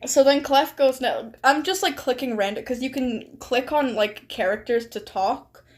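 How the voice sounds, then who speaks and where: A woman streamer narrating a game in a casual, sarcastic way. Her voice sits high and she often giggles and swears. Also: moderate pace. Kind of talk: casual live-stream chat.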